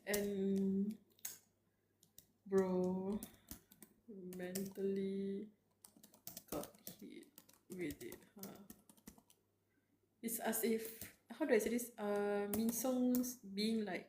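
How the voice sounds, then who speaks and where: A woman's voice: mid-range voice, fairly even intonation, extremely slow, pauses often, mellow, echoey room, a little hiss or hum. A woman streamer reading a story aloud live, tearful and reacting emotionally between read lines. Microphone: close desk mic.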